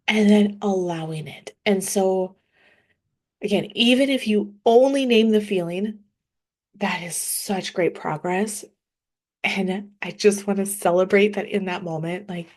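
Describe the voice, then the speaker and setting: A woman's voice: mid-range voice, darkish tone. A woman in her thirties speaks as a grief coach in an everyday mid-range voice. Her talk is casual and earnest, full of fillers and restarts, and she keeps encouraging the listener. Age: 30s.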